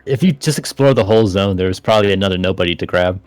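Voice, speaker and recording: A man chatting casually on a game stream, relaxed, giving gameplay tips. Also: deep voice, fast talker, clear, resonant tone, no echo, soft background music. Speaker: stream co-host. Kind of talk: casual chat during gameplay.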